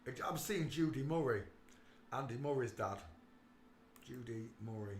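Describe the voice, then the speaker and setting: A man hosting a casual livestream, talking emphatically and swinging between quiet muttering and loud outbursts. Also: mid-range voice, lively intonation, a little slow, echoey room, slight background noise. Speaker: livestream host.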